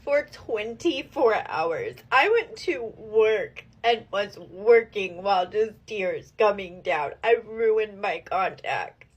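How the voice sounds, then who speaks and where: Crying woman, husky high voice, slow and wobbly. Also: expressive, highs cut off. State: tearful. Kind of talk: social media confession.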